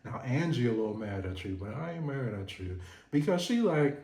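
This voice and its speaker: A man's voice: on the low side, very animated, normal speed, a little mellow. A man giving a sassy, playful recap of a reality show in a casual vlog. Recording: echoey room.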